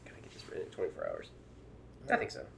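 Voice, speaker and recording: In a laid-back podcast chat, a man who does amateur comedy talks at rapid-fire speed, rambling and putting on voices as he retells jokes.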